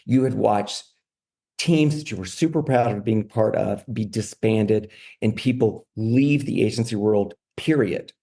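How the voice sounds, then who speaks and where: A man's voice: lowish voice, unhurried, vocal fry, warm tone. A middle-aged man telling a candid story as a podcast guest, with many "like" and "you know" fillers.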